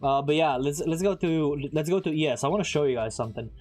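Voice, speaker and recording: A man giving casual live-stream commentary as he trades, chatting with viewers and throwing in quick asides. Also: on the high side, lively intonation, a little mellow, faint music behind.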